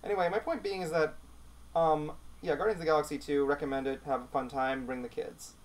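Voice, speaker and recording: A male host chats in a relaxed, rambling way, leaning on filler words as he talks. His voice sits slightly high for a man. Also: fast. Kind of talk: casual chat.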